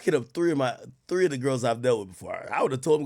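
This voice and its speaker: A man doing casual live-stream commentary, reacting to clips and reading out donations, with loud animated outbursts. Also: medium pitch, brisk, creaky, hardly any pauses. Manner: animated, loud bursts of laughter and shouting, reads donations.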